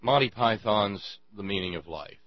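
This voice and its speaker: A man's voice: lowish voice, moderate pace, no echo, lo-fi sound. A man hosting a show, rambling sarcastically in casual commentary, stumbling over restarts.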